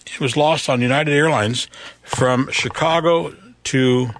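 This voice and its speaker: A man's voice: medium pitch, steady tone, unhurried, a bit bright, no room sound. A man co-hosting a morning radio show, chatting and telling stories in a jokey, easygoing way. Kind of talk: casual morning show banter.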